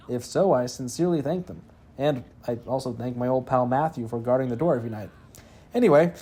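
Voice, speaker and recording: Young man, fairly high-pitched, gameplay commentary, scripted humor, wry asides. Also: mellow. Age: young adult. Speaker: gaming video host. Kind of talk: scripted comedic narration over gameplay.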